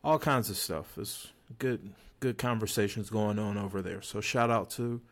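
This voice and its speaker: A man's voice: fairly low pitch, normal speed. Laid-back tipsy man hosting a podcast. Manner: laid-back, slangy, joking. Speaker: podcast host. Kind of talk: casual chat.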